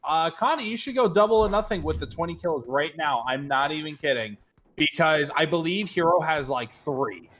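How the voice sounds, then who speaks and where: A man doing fast, excitable play-by-play commentary on an esports match. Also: a little high. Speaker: esports caster. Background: game gunfire and clicks.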